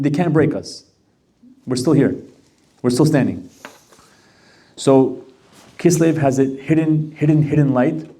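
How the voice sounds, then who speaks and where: A man's voice: a little high, warm tone, recorded from a distance. A man giving a Torah class with storytelling, earnest and repeating words for emphasis.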